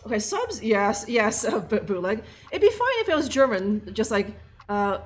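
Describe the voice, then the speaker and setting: A woman's voice: fairly high pitch, sing-song, moderate pace. A woman streamer chatting and joking while playing a game live, reading subtitles aloud. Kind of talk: casual live game commentary.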